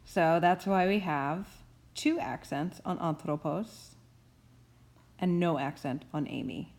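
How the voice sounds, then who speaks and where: A woman's voice: low voice, slow pace, darkish tone. A woman professor giving a recorded grammar tutorial, explaining each rule patiently and methodically and repeating key terms.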